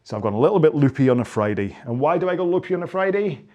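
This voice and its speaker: A man's voice: a little high, animated, racing, mellow, highs cut off. A middle-aged man leading stretches after a rowing workout, chatty and self-mocking, with rambling asides. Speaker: rowing coach. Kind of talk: follow-along workout instruction.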